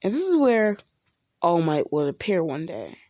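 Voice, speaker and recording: A woman narrates an improvised fan story, rambling and restarting as she goes. Her voice is lowish and mellow. The sound is dry and close. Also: big pitch swings, moderate pace, no room sound.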